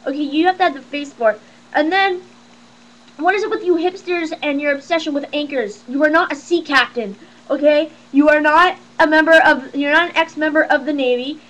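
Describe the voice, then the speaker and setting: A woman's voice: sits high, a little fast, fairly bright tone, poor audio. A teenage girl ranting casually to camera in a sarcastic, exasperated, rambling way. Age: teens. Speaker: vlogger.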